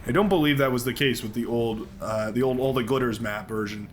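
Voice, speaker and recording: An American game commentator casts a live real-time strategy match, chatty and upbeat, full of fillers and restarts. His medium-pitched voice is brisk, with slight background noise.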